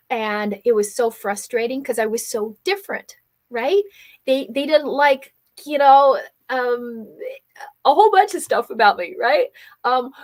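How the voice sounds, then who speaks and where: A woman from Germany who speaks English with no accent hosts a live coaching workshop, persuasively pitching her program. It's a live webinar sales pitch, and she keeps checking in with "okay?" and "right?"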